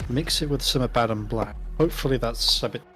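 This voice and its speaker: A man's voice: medium pitch, brisk, a bit bright. A man hosting a casual painting stream, chatting with blunt, joking banter while he works. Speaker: stream host painting miniatures. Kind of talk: casual chat.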